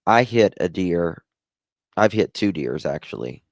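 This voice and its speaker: A man hosting a livestream and picking apart a news clip with slow, sarcastic remarks. His voice sits low and unhurried. The sound is dry and close. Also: expressive, no room sound. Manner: sarcastic, drawn-out delivery. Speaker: livestream host. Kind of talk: mocking commentary on a news clip.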